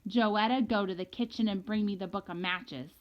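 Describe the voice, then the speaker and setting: A woman's voice: medium pitch, close to an everyday voice. A woman playing a furious mother with a hissing voice. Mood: menacing. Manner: slow, hissing, menacing. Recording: dull lo-fi recording.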